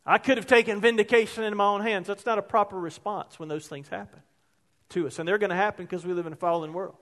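A man's voice: high voice, steady tone, quick pace, fairly bright tone. A male pastor preaching a sermon in a conversational, emphatic way, weaving in personal stories.

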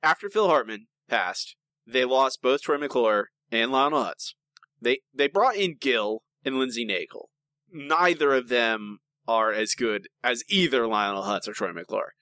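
A man's voice: medium pitch, unhurried, bright, forceful tone, no echo. A man co-hosting a podcast in casual chat, talking in an opinionated, rambling way with lots of restarts. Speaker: podcast co-host.

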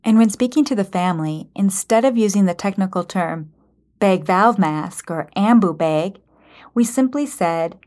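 A woman with a Minnesota accent who teaches language and explains vocabulary in a clear, careful, unhurried way. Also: mid-range voice, expressive, darkish tone.

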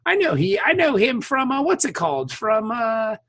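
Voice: mid-range voice, sing-song, normal speed, fairly bright tone, slightly rough, no echo. A podcast co-host from Ohio chatting casually at home, reading out facts they have just looked up. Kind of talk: casual chat.

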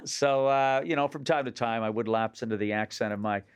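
A man's voice: medium pitch, fairly quick, smooth. Rambling storytelling comedian, man in his fifties. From Nova Scotia, Canada. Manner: rambling, joke-filled storytelling with many fillers. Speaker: guest comedian. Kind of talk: casual radio interview.

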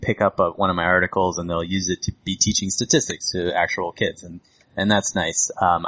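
A man's voice: sits low, fairly bright tone, no room sound, lo-fi sound. A man talking in a thoughtful, wry way as a guest in a casual chat, sometimes trailing off with ums. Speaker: podcast guest, analytics writer.

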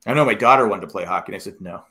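A middle-aged man in casual chat, telling rambling, animated stories with many restarts. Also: lowish voice, very fast.

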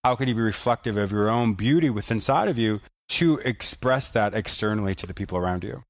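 A man hosting a conversation, explaining ideas in a measured, reflective way. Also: fairly low pitch, no echo. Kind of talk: conversational interview.

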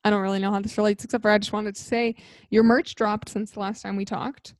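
A woman's voice: medium pitch, flat delivery, quick pace, darkish tone, no room sound, clean studio sound. A young woman co-hosting a podcast, bubbly and upbeat in casual chat. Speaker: podcast co-host.

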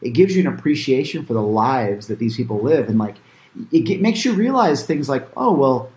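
A man's voice: mid-range voice, very animated, moderate pace, a little mellow. Guy rambling thru an interview answer, filler words everywhere, kinda echoey. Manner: rambling, many fillers and restarts. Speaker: filmmaker guest. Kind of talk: casual interview talk.

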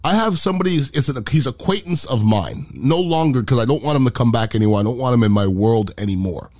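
A man's voice: mid-range voice, lively intonation, fast talker, darkish tone, no room sound, studio quality. A middle-aged man hosting a podcast, giving a blunt, impassioned opinion monologue. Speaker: podcast host.

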